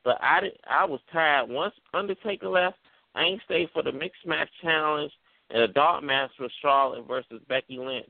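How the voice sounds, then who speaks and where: Slangy laid-back guy w/ a gravelly voice, sounds like he's on a phone line. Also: a little high, moderate pace, dry recording. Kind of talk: casual chat.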